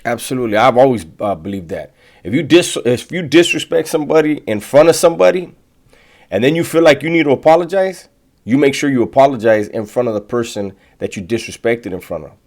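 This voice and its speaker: A man on the panel mocking the host and weighing in with animated, opinionated commentary. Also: medium pitch, brisk.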